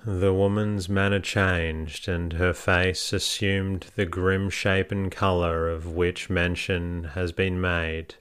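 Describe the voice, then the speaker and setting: A man calmly narrating a classic novel as a soothing bedtime sleep story. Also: low voice, slow, few pauses, smooth. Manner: calm, soothing.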